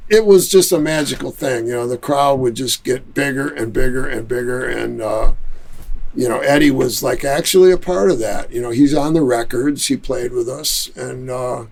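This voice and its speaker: A man with a Detroit accent telling a lively story in a casual interview, acting out other people's quotes. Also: medium pitch, normal speed, gravelly. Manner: animated storyteller who acts out quotes. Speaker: musician and studio owner, guest.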